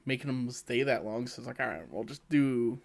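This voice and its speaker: A young man co-hosting a podcast, chatting in a relaxed way with frequent chuckles and filler words. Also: medium pitch, brisk, creaky, a crowd in the background. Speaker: podcast co-host. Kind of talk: casual chat.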